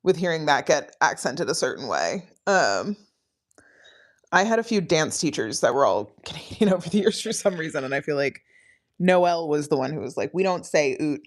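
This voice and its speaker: A woman's voice: low-pitched, very animated, normal speed. A woman chatting casually on a live study stream, rambling with frequent ums and laughing often. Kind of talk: casual livestream chat.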